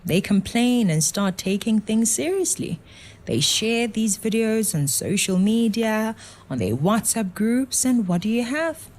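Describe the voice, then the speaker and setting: A woman's voice: on the high side, animated, a little slow, a little mellow. A woman giving indignant commentary, building her point with rhetorical questions. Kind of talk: opinion commentary.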